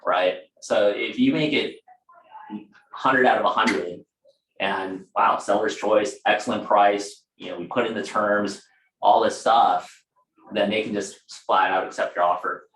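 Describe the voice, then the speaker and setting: A man's voice: lowish voice, fairly even intonation, a little slow, a bit bright, reverberant, low-quality recording. A man running a casual real estate training session for a small group, talking conversationally with fillers and asides.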